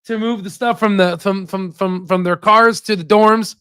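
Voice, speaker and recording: A man's voice: sits high, steady tone, moderate pace, pushed and bright, clear, resonant tone, no echo. A young man, the host of an investing channel, tells a candid personal story to camera. He is choked up and close to tears, and he rambles and halts with many restarts.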